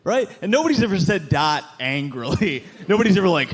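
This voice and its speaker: A young man delivers a stand-up set in a wry, sarcastic tone, talking into a handheld mic. His pitch bounces around a lot and sits a little high. Big audience laughter and club noise fill the room around him. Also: sing-song, a little fast, hardly any pauses. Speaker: stand-up comedian. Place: comedy club stage. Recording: live broadcast set with crowd laughter.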